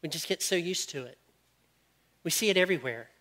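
Male preacher, sermon, high voice, bright tone, animated, quiet probing questions. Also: brisk. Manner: animated, jokes with the audience, drops to quiet questions.

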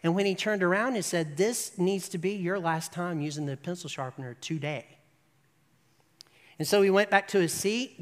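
A preacher telling an animated anecdote in a sermon, often checking in with the audience with "right?". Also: medium pitch, big-room sound. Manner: animated storyteller, rising to emphatic peaks. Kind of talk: sermon storytelling.

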